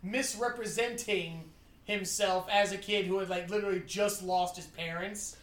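A woman chatting casually about a movie, animated, swearing now and then and acting out lines in character voices. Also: mid-range voice, normal speed. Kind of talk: casual movie review chat. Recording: echoey room.

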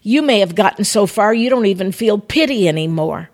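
A woman's voice: mid-range voice, lively intonation, fairly quick. Earnest older woman giving a devotional talk. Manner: earnest, conversational, addresses listeners directly. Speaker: ministry podcast host.

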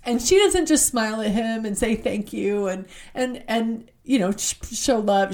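A woman's voice: fairly high pitch, a little mellow. A woman giving a heartfelt devotional talk, reading scripture aloud and speaking with open emotion. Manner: reads scripture aloud slowly.

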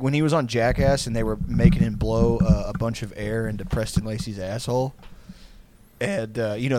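A man's voice: mid-range voice, no echo. A young man, telling a long story in casual chat, rambling and profane and laughing often.

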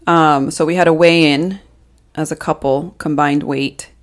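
Woman rambling on a podcast, real low voice, laughs easy. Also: fairly even intonation, unhurried. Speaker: podcast co-host. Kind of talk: casual chat.

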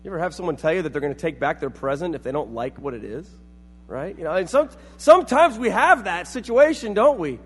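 High-voiced man preaching in a reverberant hall. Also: animated, a little fast, breathy edge. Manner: storytelling with acted-out quotes. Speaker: pastor. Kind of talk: sermon.

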